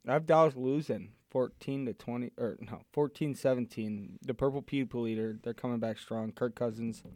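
A man's voice: mid-range voice, normal speed, a little mellow, no room sound. A man co-hosting a casual sports chat, joking and playful.

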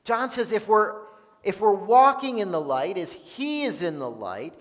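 Slow high-voiced preacher in a hall. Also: male voice, big pitch swings, fairly bright tone. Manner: slow, earnest preaching with Bible readings. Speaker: pastor. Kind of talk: sermon. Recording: long reverb of a large hall.

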